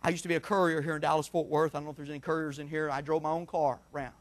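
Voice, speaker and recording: A middle-aged man preaching a sermon in a church, telling folksy stories and swinging between shouts and hushed asides. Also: a little high, flat delivery, very fast. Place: church sanctuary.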